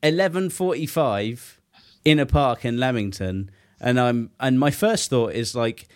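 A man's voice: medium pitch, unhurried, clean tone. Rambling man telling a story. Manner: rambling anecdote full of fillers and swearing. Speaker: podcast co-host. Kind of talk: casual chat.

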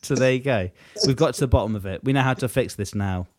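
A man co-hosting a casual podcast, cracking jokes and laughing freely. His voice sits at an ordinary pitch and is recorded dry and close, with no room sound. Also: fast talker, no room sound. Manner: joking, laughs often. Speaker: podcast co-host. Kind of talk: casual comedic chat.

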